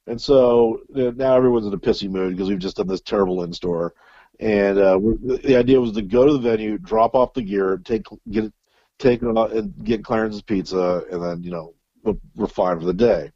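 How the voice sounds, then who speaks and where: A man's voice: lowish voice, dark tone, no room sound, lo-fi sound. Rambling, cursing man telling a story. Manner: profane, rambling with fillers and restarts. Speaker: guest musician. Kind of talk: casual storytelling.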